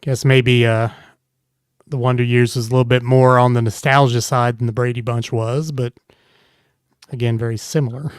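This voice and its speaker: A man co-hosting a podcast speaks in a smooth, clear voice that sounds dry and close. He talks in a measured, agreeable way. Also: medium pitch, little pitch movement, no room sound. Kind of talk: casual live podcast chat.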